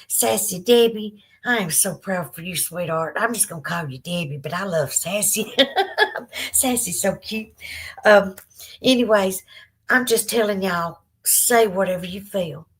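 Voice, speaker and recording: A middle-aged woman with a Southern American drawl speaks at a medium pitch. She talks candidly and emotionally, holding back tears. She rambles through fillers while she reads out live comments from viewers. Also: a little slow. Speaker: podcast host. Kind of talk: live-stream storytelling, reading viewer comments.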